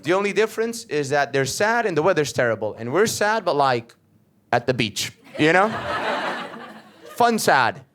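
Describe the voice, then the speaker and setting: A young man from Portugal, doing a stand-up comedy set on a club stage, telling animated stories with frequent "right?" asides. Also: fairly high pitch, measured pace, a little hiss or hum.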